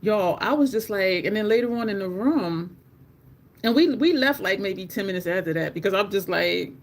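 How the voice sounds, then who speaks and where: A woman beauty vlogger tells a story while she does her makeup. She talks casually and swears freely, and her voice leaps into high squeaks whenever she quotes herself. Her voice sits at a medium pitch. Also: moderate pace. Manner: animated, swears, jumps to high squeaks when quoting herself.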